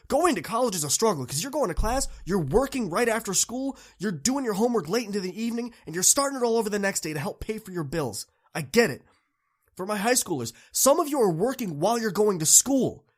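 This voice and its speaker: An earnest young man speaks straight to students in a motivational pep talk. His voice sits a touch higher than most men's, and it moves between quiet, confiding stretches and fired-up appeals. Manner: earnest, encouraging, swings from soft to impassioned. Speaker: podcast host.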